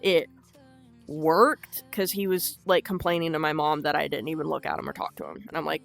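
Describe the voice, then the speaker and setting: A woman's voice: low-pitched, moderate pace, vocal fry, faint music behind. A woman telling a personal story unscripted, in a blunt, rambling and emotional way, swearing a lot.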